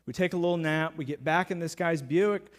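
A male pastor with a fairly high voice delivers a sermon like he's telling a story to friends. He talks casually, piles on filler words and breaks into playful sarcasm. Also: brisk.

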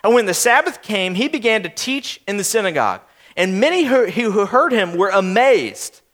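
The young pastor's voice sits high as he preaches, animated and playful, briefly impersonating skeptical townsfolk in rapid asides.

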